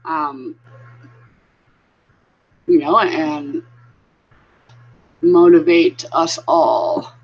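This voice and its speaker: A woman's voice: sits low, extremely slow, pauses often, husky. A woman hosting a casual live stream, chatting with viewers and greeting them by name. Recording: dull lo-fi sound.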